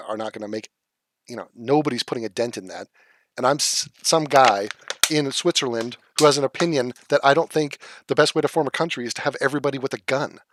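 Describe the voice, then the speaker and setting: A man's voice: mid-range voice, fairly bright tone, no echo. A man hosting a casual livestream, reading chat comments aloud and answering them in a blunt, profane, scoffing way. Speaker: livestream host.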